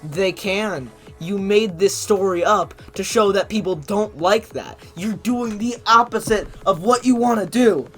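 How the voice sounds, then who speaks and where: Man, high voice, sarcastic commentary, laughing, faint music behind. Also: a little slow, hardly any pauses, a bit bright. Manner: sarcastic, incredulous, laughs often. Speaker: commentary YouTuber. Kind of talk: reading and mocking online posts.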